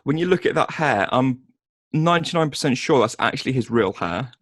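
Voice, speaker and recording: A man's voice: medium pitch, expressive, a little fast, no room sound, studio quality. A man co-hosting a casual film review chat, hesitant with many ums and restarts, and sarcastic. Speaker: podcast co-host.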